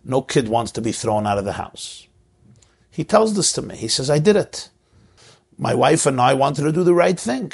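A middle-aged rabbi giving an earnest, emotional sermon, telling a story and repeating phrases for emphasis. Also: male voice, mid-range voice, sing-song, moderate pace, creaky, breathy edge.

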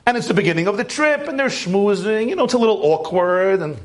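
A man's voice: sits high, quick pace. A man telling a story to a live audience, acting out the people in it and joking with the listeners. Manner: animated storyteller, acts out quoted voices, jokes with the crowd. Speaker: speaker giving a talk.

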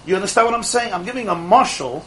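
A man teaching a Torah class to a live group of students, an animated storyteller who fires off rhetorical questions and laughs at his own jokes. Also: high-pitched, fast talker, low-quality recording. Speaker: religious teacher.

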